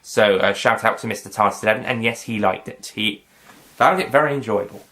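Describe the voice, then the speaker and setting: A man's voice: on the low side, a little fast, bright, forceful tone. A man reviewing a film in a loose, casual way, rambling with hesitations and losing his train of thought. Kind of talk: casual review blooper reel.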